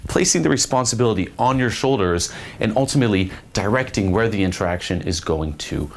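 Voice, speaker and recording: A man's voice: on the low side, animated, fairly quick, a little hiss or hum. A man giving blunt, profane dating advice to camera, full of fillers and acted-out example lines. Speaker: dating coach. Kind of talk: instructional talk to camera.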